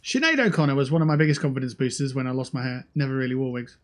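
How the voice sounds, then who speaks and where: A man's voice: medium pitch, rapid-fire. A man chatting casually on a gaming livestream, joking and swearing at opponents while he plays and talking into a headset mic. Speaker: streamer playing a shooter game.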